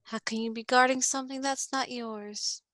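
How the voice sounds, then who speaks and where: A proud lady of a vampire court who confronts a thief head-on, voiced by a woman at the table. Her voice sits fairly high and is recorded dry and close. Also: steady tone, moderate pace, a bit bright, no echo, natural voice. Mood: stern. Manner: firm, accusing.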